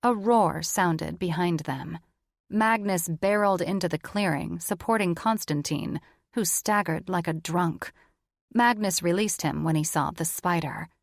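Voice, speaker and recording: A woman narrating an audiobook in a slow, measured way, with a slightly low voice. The recording is dry and close, with no room sound at all. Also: gravelly, no echo. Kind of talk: scripted narration.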